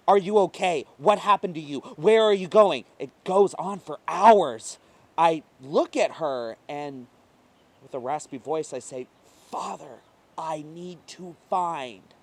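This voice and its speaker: A man reading a first-person short story aloud, emotive and swinging between quiet passages and intense ones. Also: mid-range voice. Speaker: reader.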